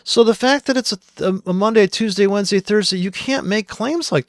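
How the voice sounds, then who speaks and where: A man talks through trading charts in a blunt, exasperated rant full of swearing. His voice sits high for a man. The sound is dry and close, with no room echo. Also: normal speed, hardly any pauses. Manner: blunt, profane, exasperated ranting. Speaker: trader. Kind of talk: screen-share chart commentary.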